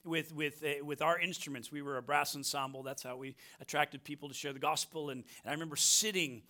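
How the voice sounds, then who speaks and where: A man's voice: on the high side, fairly even intonation, fairly quick, bright, forceful tone. A middle-aged American man preaching a sermon, emphatic, repeating phrases and asking "right?" often. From United States. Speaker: pastor.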